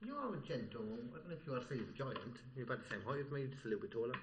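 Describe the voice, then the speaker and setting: Man, podcast co-host, casual banter, animated delivery, slightly muffled audio. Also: mid-range voice, very fast, crowd noise. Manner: animated, sweary, joking.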